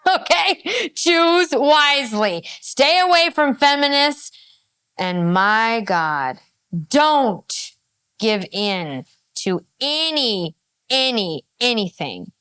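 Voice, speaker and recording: A woman's voice: medium pitch, fairly bright tone, no room sound. A woman commentating on a clip, mocking and laughing, often repeating "okay". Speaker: reaction commentator. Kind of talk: reaction commentary.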